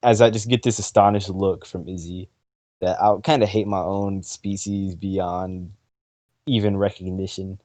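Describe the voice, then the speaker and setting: A man co-hosting a casual what-if voice chat, talking in an animated, rambling way and laughing often. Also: deep voice, a little slow, no echo. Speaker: co-host of a what-if collab.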